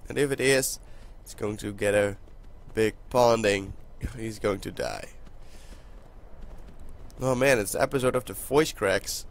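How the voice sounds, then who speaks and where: A young man hosting a casual let's-play, excitable and chatty with his viewers, with a hoarse voice that keeps cracking. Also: lowish voice, a little slow. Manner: excitable, talks to viewers while playing. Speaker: gaming channel host.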